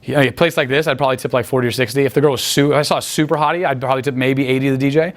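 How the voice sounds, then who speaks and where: A man's voice: mid-range voice, steady tone, racing. A man telling crude, boastful, rambling stories full of profanity in a casual interview. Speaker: guest talking about picking up women.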